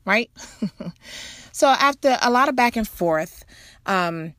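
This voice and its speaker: A woman's voice: fairly high pitch, animated, takes it slowly, fairly bright tone, no room sound. Chatty woman telling a faith story, dry sound. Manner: chatty, rambling, full of "you know" asides. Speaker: mother sharing a faith talk. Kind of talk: casual faith-based storytelling.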